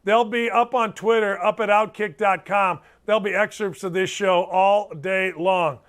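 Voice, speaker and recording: A middle-aged man with a fairly high speaking voice hosts a sports talk show. He talks bluntly and emphatically and hammers his points home by repeating them. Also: steady tone, a little slow, fairly bright tone.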